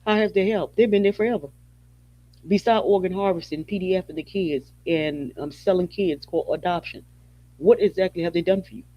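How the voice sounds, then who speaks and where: A man's voice: sits high, fairly quick, dry recording. A man hosting a podcast, giving emphatic, repetitive spoken commentary in a preaching tone. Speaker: podcast host. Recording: dull lo-fi audio.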